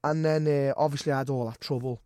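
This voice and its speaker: A man's voice: medium pitch, fast talker, dry recording, studio quality. A man, chatting as a podcast guest, blunt and sweary, telling stories with lots of energy. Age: 20s. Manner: swears often, blunt and animated storytelling. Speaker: guest fighter. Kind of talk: casual podcast chat.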